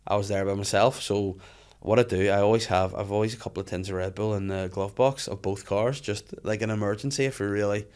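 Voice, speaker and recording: A man, hosting a casual podcast chat, swearing freely and telling animated stories. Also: lowish voice, fairly quick, hardly any pauses, clean tone. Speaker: podcast host.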